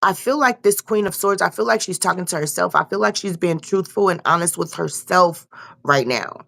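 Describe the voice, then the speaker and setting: Young woman reading tarot, lower voice, loose and repetitive, swears a lot. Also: expressive, normal speed, gravelly, fairly bright tone. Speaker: tarot reader. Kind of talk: casual tarot reading livestream.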